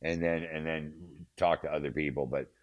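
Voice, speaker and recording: A man's voice: rumbling low, steady tone, normal speed, no echo, dull audio. A man, a touring veteran telling heated, profane road stories in a casual interview. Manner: profane, heated storyteller, acts out quotes. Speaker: touring manager guest.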